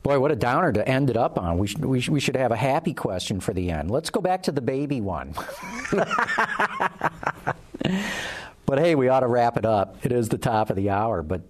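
A man's voice: mid-range voice, expressive, quick pace, few pauses, a little mellow. A man hosting a casual talk show, rambling and restarting his sentences. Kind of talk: casual panel chat.

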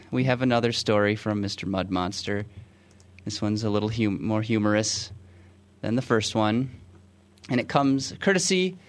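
A man's voice: lowish voice, clean tone. A man hosting a podcast, chatting casually through news stories, joking and laughing often as he reads. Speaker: podcast host.

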